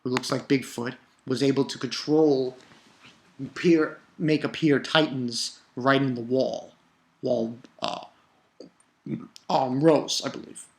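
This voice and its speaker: A man's voice: mid-range voice, fairly even intonation, slow. Young man ranting with profanity. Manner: profane, rambling, heated. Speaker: manga reviewer. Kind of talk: casual review rant.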